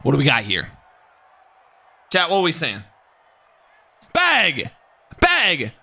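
A young man commentating his own live game stream, cocky and hyped, trash talking and yelling at the game. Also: fairly high pitch, sing-song, a little slow, vocal fry, pauses often.

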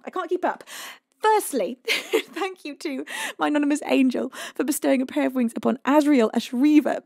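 A woman's voice: sits high, vocal fry, darkish tone, dry recording, studio quality. A young British woman hosting a music livestream, chatting with viewers between songs in a bubbly, affectionate, giggly way. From United Kingdom.

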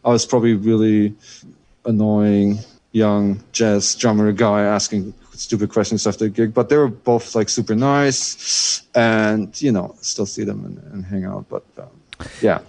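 A man's voice: lowish voice, steady tone, moderate pace, darkish tone, dry recording. A middle-aged man with a German accent talks loosely as an interview guest. He rambles through his thoughts with lots of fillers and restarts. The recording is dry and close. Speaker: guest jazz drummer. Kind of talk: casual interview chat.

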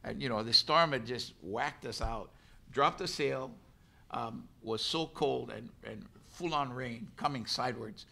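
A man, a canoe crew member telling a lively story to a hall audience and acting out the voices. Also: medium pitch, a little slow, gravelly. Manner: animated storyteller, laughs and acts out voices. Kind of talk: storytelling talk.

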